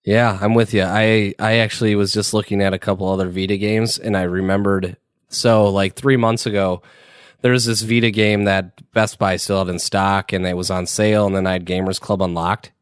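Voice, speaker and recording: A man co-hosting a podcast in casual chat, animated and swearing now and then, acting out little back-and-forth exchanges. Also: lowish voice, moderate pace, clear, resonant tone, no echo, studio quality. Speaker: podcast co-host.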